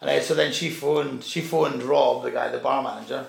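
A man at normal speed, with medium pitch, fairly even intonation and a gravelly quality, tells a meandering anecdote during casual chat. Along the way he restarts, uses swear words, and voices the people he describes, all in an echoey room.

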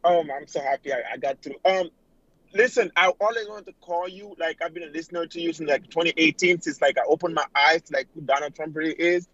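A high-voiced man from Africa calls in to a talk show, earnest and rambling, full of fillers like "like" and "you know." His voice comes through a dry, dull phone line with a lo-fi sound. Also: fast talker, a bit bright, no echo. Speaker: caller. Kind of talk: call-in talk show caller. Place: home in New York City. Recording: dull lo-fi phone call audio.

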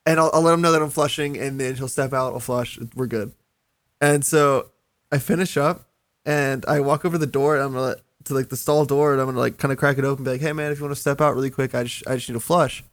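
A man hosting a podcast, telling a story in a casual, animated way and acting out what people said. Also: medium pitch, fast, dry recording, studio quality. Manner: animated, acts out the dialogue. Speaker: podcast host.

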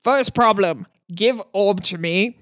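Woman playing a booming blunt orc priest. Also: takes it slowly, lightly acted. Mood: demanding. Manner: blunt broken speech, barking demands. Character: huge hot-tempered male orc high priest.

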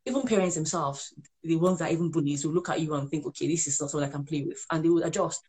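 A woman's voice: low-pitched, fast talker, darkish tone, husky. A woman who is a parent and author, giving earnest parenting advice in a conversational way and often repeating herself as she explains. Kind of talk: conversational advice on a live show.

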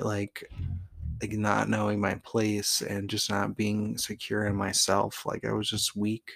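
Gravelly low-voiced man rambling about his past. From Oregon, USA. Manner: rambling, fills with "like" constantly, blunt and profane. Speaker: podcast host. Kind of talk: casual personal storytelling.

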